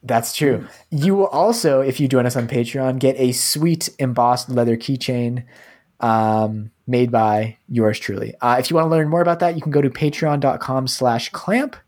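A young American man co-hosts a casual podcast, speaking at a mid pitch. He talks in a loose, relaxed way and often pauses on fillers. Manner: relaxed, filler-heavy, hesitant. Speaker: podcast co-host.

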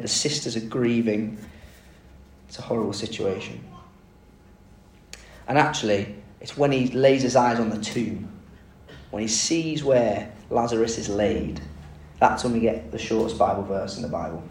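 A man preaching a conversational sermon, telling the story with lively asides and rhetorical questions. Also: mid-range voice, normal speed, pauses often, a little hiss or hum. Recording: echoey room, mic at a distance.

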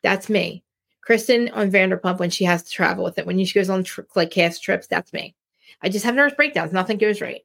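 A woman talks off the cuff on her podcast, circling back and restarting her sentences as she vents. Her voice has a gravelly, fry-tinged texture at a mid pitch. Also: a little fast. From New Jersey. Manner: rambling, animated, rants with frequent restarts. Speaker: podcast host. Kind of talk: casual chat.

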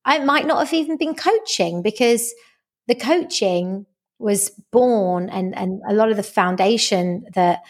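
A woman's voice: mid-range voice, a little slow. Woman telling stories animatedly. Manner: animated storyteller who acts out quoted dialogue. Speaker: guest, dating and relationship coach. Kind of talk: casual podcast interview.

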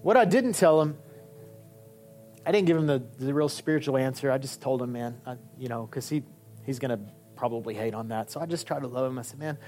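A male pastor preaching a sermon in a conversational, animated way, with emphatic peaks. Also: medium pitch, brisk, soft background music.

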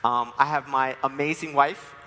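In a church sanctuary, a preacher in his forties from New York mixes personal stories and playful humor into his sermon. He speaks at normal speed and medium pitch, with fairly even intonation and a sharp tone, all wrapped in a church hall's long reverb.

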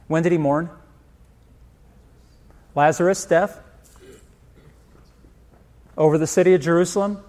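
This sermon comes from a middle-aged male pastor whose voice is a little high and a touch mellow. Speaking conversationally, he quizzes the congregation and plays out family quotes.

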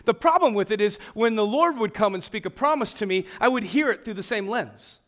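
A man preaching a sermon, swinging between emphatic, raised passages and quiet, hushed ones. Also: sits high, lively intonation, fairly quick. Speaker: pastor.

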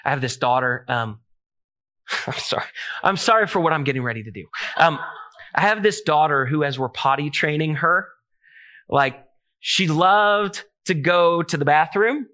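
A man's voice: fairly high pitch, moderate pace, pushed and bright. A man preaching a sermon in a casual, conversational way, mixing scripture with self-deprecating family stories. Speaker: pastor.

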